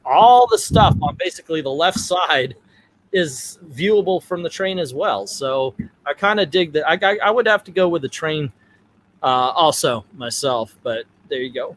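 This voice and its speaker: A man's voice: on the high side, expressive, normal speed, slight background noise. A man hosting a casual chat, joking and stammering a little as he steers the discussion. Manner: jokey, stammers on restarts, leads the discussion. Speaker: podcast host.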